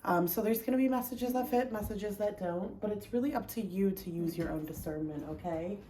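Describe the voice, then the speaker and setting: A woman's voice: mid-range voice, brisk, dark tone, slight background noise. A woman hosting a casual pick-a-card tarot video from home, chatty and rambling with many ums, a little out of breath. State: a bit out of breath. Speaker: tarot reader. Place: home, indoors.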